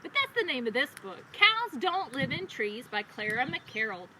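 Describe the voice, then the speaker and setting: Bright, sing-song storytime librarian woman. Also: sits high, very animated. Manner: sing-song, speaking slowly to small children. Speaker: children's librarian. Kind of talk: children's storytime. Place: outdoors on a farm. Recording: distant mic with loud outdoor noise.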